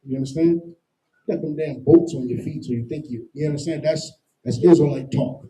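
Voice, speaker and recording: A man's voice: fairly high pitch, moderate pace, mellow, low-quality recording. A man teaching a Bible lesson in plain street talk, emphatic and constantly checking in with "you understand?". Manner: explains with everyday comparisons and slang. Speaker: scripture teacher.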